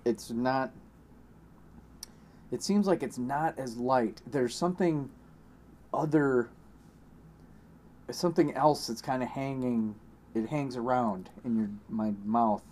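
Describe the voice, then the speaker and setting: A man in casual conversation, talking in halting, rambling sentences with frequent restarts. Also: mid-range voice, a little mellow, a little hiss or hum. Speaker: podcast co-host. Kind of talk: casual beer-tasting chat.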